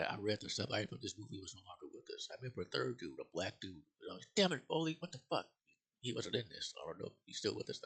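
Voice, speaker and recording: A man's voice: low-pitched, vocal fry, bright, forceful tone, husky. A man giving a casual, rambling movie review, swearing freely and full of fillers and restarts.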